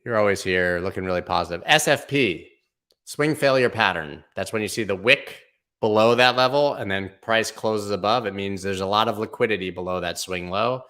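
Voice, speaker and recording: Bright-voiced, slangy crypto livestream host. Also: male voice, on the low side, normal speed. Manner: laid-back, slangy, chatty, reads comments aloud. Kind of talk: casual livestream chart commentary.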